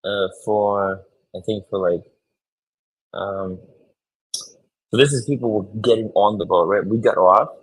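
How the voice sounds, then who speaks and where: A man hosting a casual live stream, chatting in a rambling, excitable way and swearing freely. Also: fairly low pitch, unhurried, pauses often, low-quality recording. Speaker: streamer host.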